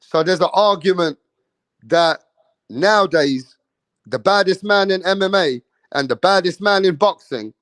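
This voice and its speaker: A man's voice: sits high, measured pace, fairly bright tone, dry recording. A man hosting a casual live stream, chatting with viewers in hyped, profane, slangy banter.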